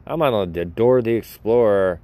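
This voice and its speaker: Deep-voiced rambling podcast guy. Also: normal speed, phone-quality sound. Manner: rambling, jokey, self-mocking. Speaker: podcast host. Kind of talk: rambling solo podcast chat. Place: outdoors.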